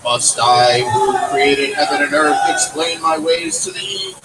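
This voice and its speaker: A man voicing a lofty, thundering male deity who declares slowly and pompously, on a distant mic with loud noise behind. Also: on the high side, wildly swooping pitch, gravelly, full character voice.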